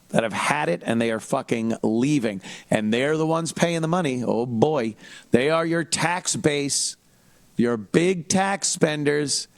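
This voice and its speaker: A man's voice: mid-range voice, vocal fry, dry recording. A man hosting a podcast, talking through a blunt, profane and mocking monologue of commentary. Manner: blunt, profane, mocking, with frequent restarts and mimicry of others. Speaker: podcast host. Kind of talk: casual political commentary monologue.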